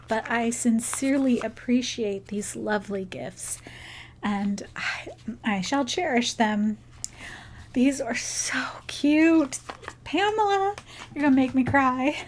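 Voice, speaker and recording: Slow-talking woman gushing over gifts. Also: fairly high pitch. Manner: gushing, sentimental, thankful. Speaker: crochet vlogger. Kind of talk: casual chat.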